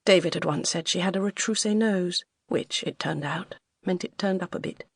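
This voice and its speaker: A British woman narrating an audiobook in a measured, even manner. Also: lowish voice, creaky, slightly rough, no room sound, clean studio sound. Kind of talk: scripted narration.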